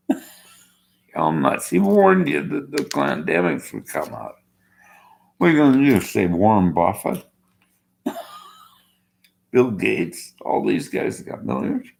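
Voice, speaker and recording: Older man, bitter rambling rant, slurred gravelly voice, slow delivery. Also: lowish voice, wildly swooping pitch, a little mellow. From Canada. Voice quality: slurred-sounding speech. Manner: bitter, argumentative. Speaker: vlogger.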